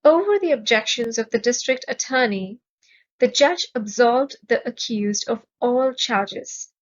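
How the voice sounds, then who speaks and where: A woman teaching English vocabulary in a measured, clearly enunciated way, stressing each syllable. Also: a little high, dull audio. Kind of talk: slow, careful vocabulary lesson.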